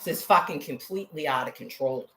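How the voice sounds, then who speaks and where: A woman's voice: deep voice, quick pace, sharp tone. A woman, delivering an agitated, profane monologue to camera. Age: 50s. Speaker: vlogger. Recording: echoey, with faint background noise.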